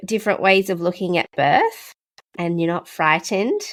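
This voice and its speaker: A woman's voice: on the low side, sing-song, normal speed. A woman hosting a podcast interview, asking questions and speaking earnestly and effusively. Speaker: podcast host. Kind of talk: casual interview.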